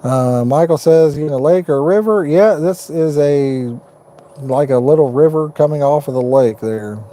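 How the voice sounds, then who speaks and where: Parked in his truck at night, a man from Indiana, United States, hosts a fishing live stream, chatting casually and folksily with viewers by name. His voice is a little high and dark in tone, at normal speed, and his manner is easygoing.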